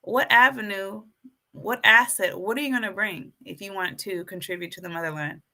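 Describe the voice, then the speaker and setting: A woman runs a casual YouTube live stream, calling her viewers folks and growing more and more fired up as she preaches. She is animated and hypes herself up, speaking at a moderate pace in a medium-pitched, gravelly voice.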